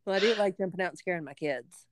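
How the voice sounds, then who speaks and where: A woman's voice: fairly low pitch, fast, no echo. A woman co-hosting a podcast who chimes in with short, teasing remarks in casual chat. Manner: teasing, dry interjections. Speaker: podcast co-host.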